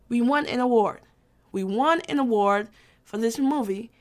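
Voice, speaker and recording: Chatty young woman, slightly high voice. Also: measured pace. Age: 20s. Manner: loose, profane, chatty with frequent restarts. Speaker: vlogger. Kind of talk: casual chat.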